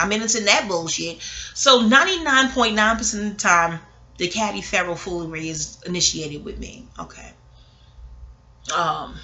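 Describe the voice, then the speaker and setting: A woman from Queens, delivering a rambling, digressive and emotional monologue about a film. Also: lowish voice. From New York, Queens. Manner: digressive, emotional, expressive, swears casually. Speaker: vlogger reviewing a film. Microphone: audio-only recording.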